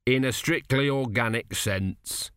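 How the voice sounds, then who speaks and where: A man reading an audiobook, voicing a weary, patient veteran male embalmer who speaks slowly. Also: mid-range voice, a bit bright, clean tone, dry recording, clean studio sound, lightly acted. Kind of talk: audiobook character voice.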